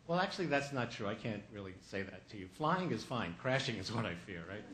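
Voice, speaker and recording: A man's voice: medium pitch, expressive, fairly quick, slight background noise. A man giving a humorous motivational keynote, telling a story with comic asides and acting out the voices of the people in it. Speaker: keynote speaker.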